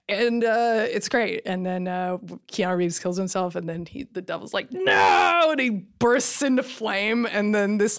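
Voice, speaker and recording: A woman hosting a film podcast, retelling a movie plot in a lively, wry way with many fillers. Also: mid-range voice. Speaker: podcast host. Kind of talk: casual discussion.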